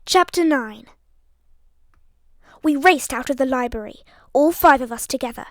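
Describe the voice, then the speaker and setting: A woman with a fairly high voice reads a story aloud with expressive, lively delivery. The sound is close and dry, with no room around it. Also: a little slow, no echo. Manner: expressive, voices each character. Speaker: audiobook narrator. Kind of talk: storytelling narration.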